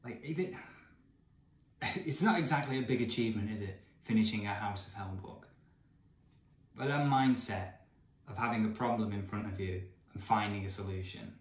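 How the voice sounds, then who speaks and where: An English man in his thirties, ranting in disbelief to the camera, swinging between loud outbursts and muttered asides. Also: lowish voice, expressive, normal speed, long pauses, roomy sound. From England. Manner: incredulous, ranting, swings from shouting to mumbling. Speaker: vlogger reading a gamebook. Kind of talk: exasperated rant to camera. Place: indoor room with candles, away from home.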